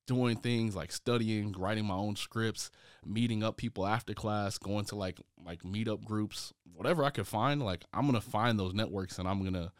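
A man's voice: fairly low pitch, moderate pace, clean tone, dry recording, clean studio sound. A young adult man, a startup founder as a podcast guest, telling stories in casual conversation, acting out quotes and filling his talk with "like". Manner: animated, acts out quoted speech, many fillers.

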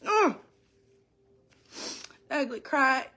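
A young woman giving an earnest, emotional church testimony, tearful and halting as she speaks. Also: high-pitched, expressive, sharp tone.

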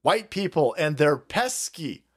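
A male stream host rants in a profane, repetitive rush, breaking into laughter at his own lines. His voice sits a bit high and swings widely in pitch. He sounds animated throughout. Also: measured pace. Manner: swearing, ranting, repeating phrases, laughing to himself. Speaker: livestream host. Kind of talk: profane political rant.

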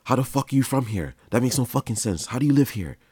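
A man voicing a furious, aggressive male police officer who yells and swears. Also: medium pitch, animated, fast, slightly rough, no echo, studio quality, pitched above the performer's own voice. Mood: angry shouting. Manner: yelling, swearing, hostile.

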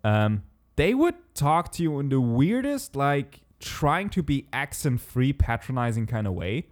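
A man's voice: mid-range voice, unhurried. A young man from Germany, talking casually in English, his second language. He tells stories with energy and acts out the lines of the people he is quoting. He swears freely. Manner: animated storyteller, swears, acts out quotes. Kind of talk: casual chat.

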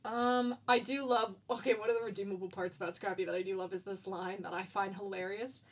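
A woman's voice: medium pitch, steady tone, fairly quick. A woman co-hosting a podcast in casual chat, swearing freely and laughing often. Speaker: podcast co-host.

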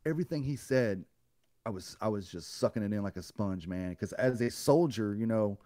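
A man's voice: lowish voice, expressive, normal speed, dark tone, dry recording, clean studio sound. A man guest on a podcast, telling a personal story in a blunt, profane way and acting out what others said to him. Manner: blunt and profane, acts out others' lines in a raised voice.

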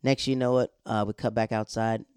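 A man's voice: lowish voice, level tone, a little fast, darkish tone, clear, resonant tone, no echo, clean studio sound. A man casually recapping a TV episode in a slangy, laid-back storytelling way.

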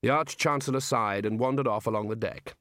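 A man reading a story aloud with expressive, measured narration. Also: medium pitch, no echo, studio quality. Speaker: audiobook reader. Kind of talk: scripted narration.

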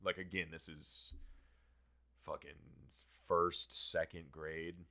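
A young man hosting a podcast, telling a story in a casual, profane, animated way. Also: low-pitched, slow, creaky. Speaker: podcast host.

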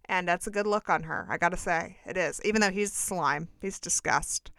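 A woman's voice: lowish voice, moderate pace, few pauses, sharp tone, no echo, studio quality. A young woman hosting a podcast, giving blunt, snarky, dramatic commentary on reality TV gossip. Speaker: podcast host.

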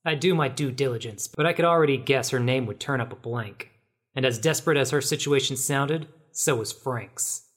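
An actor playing a wisecracking hard-boiled male detective, narrating in a wry, deadpan noir comedy style. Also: mid-range voice, moderate pace, lightly acted.

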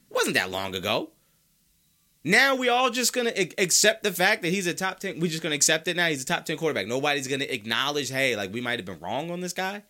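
A man's voice: on the high side, very animated, fast talker, bright, forceful tone. A sick, congested man hosting a sports podcast, arguing his opinions emphatically and repeating his points for effect. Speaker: podcast host.

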